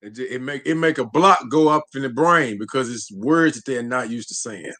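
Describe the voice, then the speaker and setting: A man, co-hosting a casual livestream and chiming in with animated commentary. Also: mid-range voice, moderate pace. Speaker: livestream co-host.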